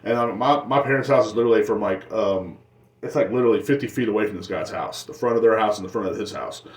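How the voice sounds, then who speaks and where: A man's voice: fairly low pitch, quick pace. A young man hosting his own podcast, telling crude stories in a rambling way and laughing at his own jokes. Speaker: podcast host. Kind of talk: rambling solo podcast storytelling.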